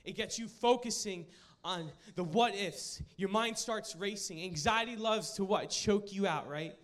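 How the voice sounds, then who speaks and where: A young man preaching to a live audience, opening with a funny personal story before turning to his sermon in an animated, joking way. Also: sits high, a little slow. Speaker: youth pastor.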